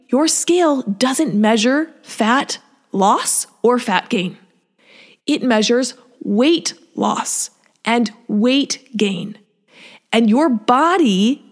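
A woman fitness coach talking casually and encouragingly, often acting out what her clients say. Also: fairly high pitch. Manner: chatty, encouraging, acts out clients' voices. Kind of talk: solo podcast talk.

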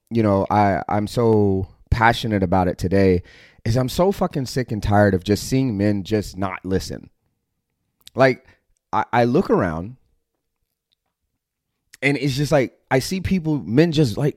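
A man's voice: lowish voice, expressive, measured pace, pauses often, a little mellow, no room sound, studio quality. A middle-aged American man hosting a podcast, delivering a blunt, aggressive motivational monologue full of profanity. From United States. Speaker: podcast host.

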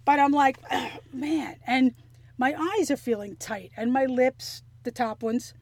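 A woman telling a story in casual chat, animated and profane, acting out the things people said. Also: sits high, measured pace, no room sound. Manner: animated, profane, acts out quotes.

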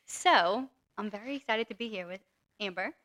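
A woman's voice: mid-range voice, a bit bright. Chatty young woman from New Orleans. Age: 20s. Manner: chatty, giggly, quick back-and-forth. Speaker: podcast co-host. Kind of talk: casual chat.

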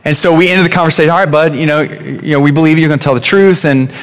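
Conversational preacher in an echoing hall. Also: male voice, a little high, quick pace. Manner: conversational, repeats words, many "you know" fillers. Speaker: pastor. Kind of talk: sermon. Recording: long reverb of a large hall.

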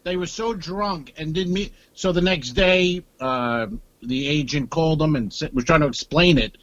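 A man's voice: fairly high pitch, normal speed, a bit bright, no echo, muffled recording. Profane rambling comedian man, dry sound. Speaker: comedy podcast co-host. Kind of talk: casual storytelling chat.

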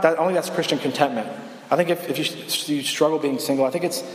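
A man's voice: on the high side, a little fast, a little hiss or hum. A young man giving a sermon as a campus minister, conversational and self-deprecating, often restarting his sentences. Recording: echoey hall reverb.

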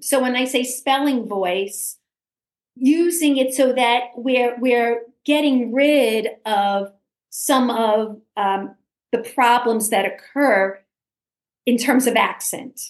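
A woman's voice: fairly high pitch, takes it slowly, echoey room. A woman host with a New York accent, chatting in an interview and hesitating with ums while she searches her notes. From Brooklyn. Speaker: podcast host. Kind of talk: casual interview chat.

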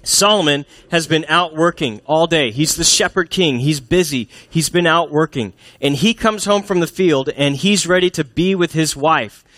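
A man's voice: a little high, moderate pace, hardly any pauses, a bit bright, dry recording, clean studio sound. A man preaching a sermon in a church, speaking in a humorous, conversational way and asking the congregation questions. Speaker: pastor.

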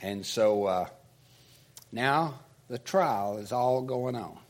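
A man's voice: medium pitch, lively intonation, slow. A man with a Southern US accent preaching an earnest, conversational sermon and reading scripture aloud. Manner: earnest, conversational, restarts often. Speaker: pastor.

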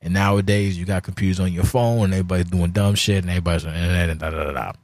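A man's voice: low voice, steady tone, racing, a little mellow, no room sound. A man hosting a podcast in a rambling, offhand, profane casual chat, drinking a beer as he records. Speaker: podcast host.

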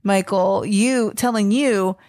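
A woman co-hosting a Christian marriage podcast, telling a story in a casual, animated way and acting out quoted lines. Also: medium pitch, slow, no room sound, studio quality. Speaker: podcast co-host.

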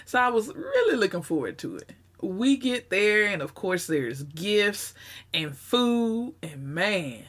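A woman with a Southern US accent telling a personal story in a conversational way, with emphatic asides. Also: mid-range voice. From Southern United States.

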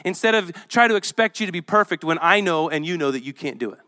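A male pastor preaching a sermon in an animated, conversational way, reading scripture aloud to a church with children present. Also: on the high side, fast.

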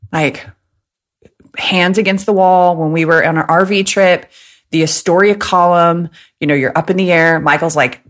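A woman from the American Midwest, in her thirties, hosts a casual solo podcast. She tells stories in a chatty, joking way. Her voice sits slightly lower than most women's. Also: fairly bright tone. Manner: chatty, jokey, fast talker. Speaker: podcast host.

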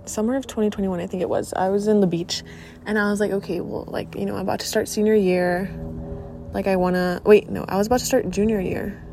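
A young woman in her late teens hosting a casual podcast, chatty and excitable, full of fillers and casual swearing. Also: medium pitch, fast, creaky, slight background noise. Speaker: podcast host. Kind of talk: casual chat.

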